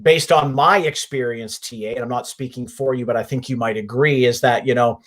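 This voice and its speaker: A man's voice: mid-range voice, a little fast. A man hosting a podcast who asks long, rambling questions full of restarts and reacts with enthusiasm. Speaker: podcast host. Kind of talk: casual interview hosting.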